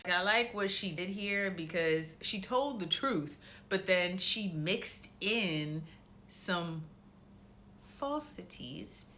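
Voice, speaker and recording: A woman vlogger giving a casual, animated recap of a TV episode, full of slang and swearing, who acts out the characters' lines. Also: on the low side, slow pace, a little hiss or hum. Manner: animated retelling with slang and profanity. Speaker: reaction vlogger.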